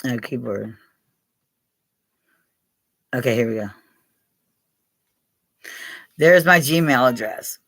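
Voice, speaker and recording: A woman's voice: extremely low pitch, expressive, takes it slowly, fairly bright tone, no room sound. An older woman from Pennsylvania hosting a casual live chat with her viewers, rambling, swearing freely and laughing often. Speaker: live stream host.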